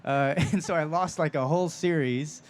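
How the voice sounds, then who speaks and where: A man's voice: on the high side, normal speed. A man who voices anime and game characters, answering fan questions at a convention panel and telling stories with lots of laughter. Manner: animated storyteller, laughs often. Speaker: voice actor guest. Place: convention stage.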